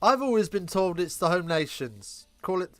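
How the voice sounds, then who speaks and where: A man with an English accent doing casual live match commentary, trading cheeky, crude banter with chat between excited calls of the play. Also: high-pitched, normal speed, dry recording. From England.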